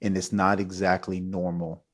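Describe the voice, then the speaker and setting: Low-pitched and moderately paced, a middle-aged podcast host trades stories in an easygoing chat. He dramatizes quotes with animation and laughs frequently.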